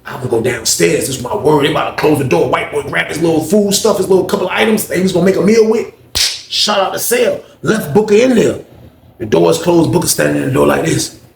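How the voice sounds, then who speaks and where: A man telling a story in casual slang, animated and acting out the voices. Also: a little high, fairly quick, gravelly, recorded from a distance, slight background noise. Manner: animated, slangy, acts out every voice. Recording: roomy echo.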